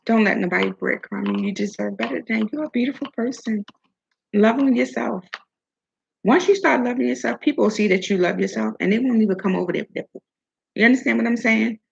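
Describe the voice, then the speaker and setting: A woman's voice: on the high side, brisk, vocal fry, slightly rough, muffled recording. A woman talking casually and preachily about self-worth and love, swearing now and then, with food in her mouth. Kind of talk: casual motivational talk.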